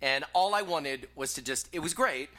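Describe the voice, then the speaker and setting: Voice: mid-range voice, expressive, moderate pace, pushed and bright. A host in a casual interview, asking enthusiastic, rambling questions.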